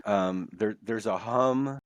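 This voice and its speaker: A man's voice: on the low side, slow, dry recording, muffled recording. A man telling a personal story as a podcast guest, rambling and repeating words as he goes. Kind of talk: casual storytelling. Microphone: podcast mic.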